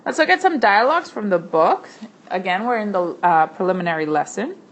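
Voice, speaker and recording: A woman's voice: mid-range voice, expressive. Patient woman teaching a screencast lesson. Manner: slow, careful enunciation of example words. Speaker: Spanish teacher. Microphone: computer mic while drawing on a tablet.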